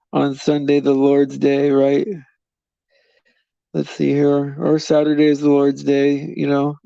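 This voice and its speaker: A man with a mellow, gravelly voice chats loosely with viewers on a live stream, meandering between thoughts and chuckling often. The sound is dry and close, with slightly dull, lo-fi stream audio. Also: a little high, no echo. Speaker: livestream host.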